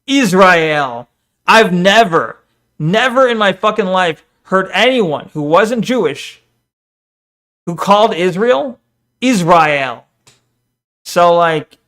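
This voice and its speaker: A man's voice: sits high, a little slow, fairly bright tone. A streamer chatting casually on a live stream, rambling and arguing as he reads viewers' messages aloud and answers them.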